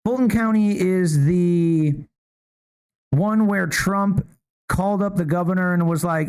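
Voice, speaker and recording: A man's voice: high voice, unhurried, darkish tone, clear, resonant tone. A young man co-hosting a podcast in casual chat, rambling with stammers and restarts, tossing in "bro" and "man". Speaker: podcast co-host.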